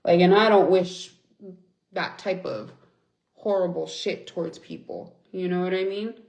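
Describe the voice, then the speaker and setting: Angry venting woman, slow speech. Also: on the low side, creaky, darkish tone, reverberant. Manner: angry, venting, swears often. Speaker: livestream host. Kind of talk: casual livestream chat.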